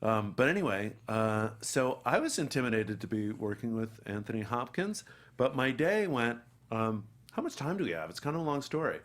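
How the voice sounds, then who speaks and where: A middle-aged man, an actor guest, telling an animated story and acting out the people in it. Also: medium pitch, moderate pace. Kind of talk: anecdotal storytelling.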